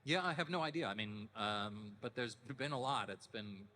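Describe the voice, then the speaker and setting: A man in his fifties, a voice actor guest at a panel, telling stories casually in a deepened, relaxed voice with frequent restarts. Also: moderate pace, a little hiss or hum. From Canada. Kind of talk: casual anecdotal panel talk. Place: convention panel hall. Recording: echoey convention hall.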